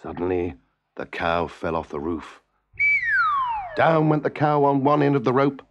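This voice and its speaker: A man reading a children's story aloud, lively and expressive. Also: medium pitch, a little slow, highs cut off, heavy background noise. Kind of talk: read-aloud storybook narration.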